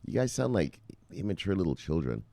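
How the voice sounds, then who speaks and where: A man presenting crypto news in casual, profane commentary, rambling and swinging from loud outbursts to muttered asides. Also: sits low, big pitch swings, fairly quick, gravelly, no room sound.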